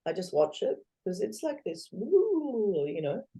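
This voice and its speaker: A woman's voice: fairly low pitch, normal speed, vocal fry, slightly rough. A woman, a guest in a casual interview, talking animatedly and acting out what others say. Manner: animated, acts out quoted voices, laughs often.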